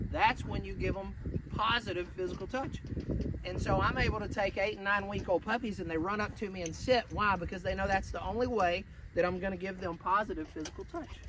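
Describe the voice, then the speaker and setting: A man with a drawl and a fairly high voice teaches dog training outdoors by a pond. He explains patiently between bursts of coaching cheers. He is picked up from some distance, with loud outdoor noise behind him.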